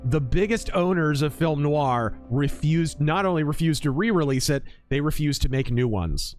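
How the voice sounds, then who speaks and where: A man streaming a mech game and chatting casually, an animated storyteller who acts out quotes. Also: on the high side, normal speed, faint music behind. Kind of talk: casual live-stream chat.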